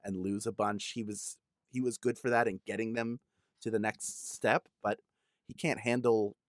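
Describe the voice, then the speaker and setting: A man's voice: on the low side, fairly even intonation, normal speed, no room sound, studio quality. A man co-hosting a podcast, chatting casually and giving earnest opinions. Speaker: podcast co-host. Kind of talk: casual chat.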